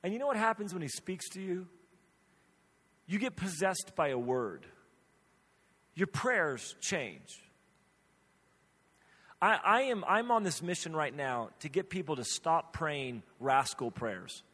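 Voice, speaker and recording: A male pastor with a high, lively voice, telling a story in his sermon with emphatic energy. His voice rings out with a long reverb, as if he is preaching in a large hall. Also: slow pace, long pauses.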